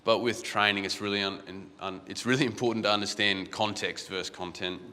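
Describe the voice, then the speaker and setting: A conference guest speaker with an Australian accent gives a casual, anecdotal talk from the stage of a large, echoey hall. His lowish voice is steady, brisk, pushed and bright. He keeps it conversational, often restarting phrases and repeating words as he does.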